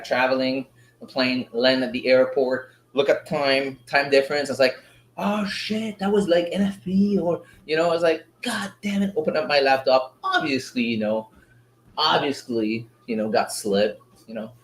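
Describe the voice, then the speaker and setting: A man runs a live forex trading stream in a loose, slangy chat with his viewers. He gets excited as prices move, and his voice sits at a middle pitch. The room around him sounds roomy and echoey. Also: slight background noise. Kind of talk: casual live trading commentary. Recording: roomy echo.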